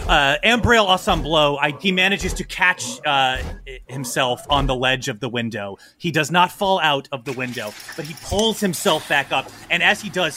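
A man narrating a tabletop game as game master, animated and quick to laugh. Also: mid-range voice, a little hiss or hum. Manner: animated, excitable, laughing often.

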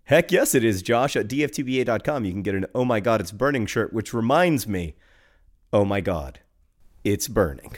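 Wry man, middle pitch. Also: animated, a little fast, few pauses. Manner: wry, dry humor with frequent "like" fillers. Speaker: podcast co-host. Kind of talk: casual chat.

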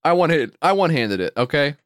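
A man co-hosting a podcast, chatting casually and profanely and jumping into high mock voices. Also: expressive, fast, fairly bright tone, no room sound, studio quality. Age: adult with a wife and kid. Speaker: podcast co-host. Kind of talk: casual comedic chat.

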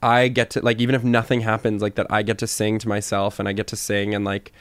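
A man's voice: on the low side, flat delivery, quick pace, no echo. Chatty man in casual podcast banter. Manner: chatty, full of "like" and restarts, gets emphatic. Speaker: podcast co-host. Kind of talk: casual comedic chat.

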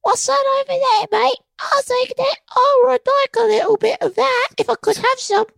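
A man's voice: extremely high pitch, steady tone, moderate pace, vocal fry, a bit bright, no echo, studio quality, voice pushed up, heavily acted. A man voicing a hungry, polite little boy who skateboards, with a put-on British-sounding accent and a meek, pleading manner.

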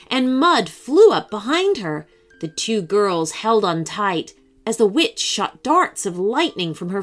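Slow, expressive woman storyteller. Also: medium pitch. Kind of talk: children's story narration.

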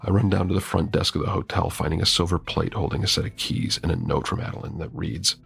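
A man's voice: low-pitched, steady tone, fast, creaky, few pauses, breathy edge, soft background music. A man narrating a first-person horror story with wry, dramatic delivery.

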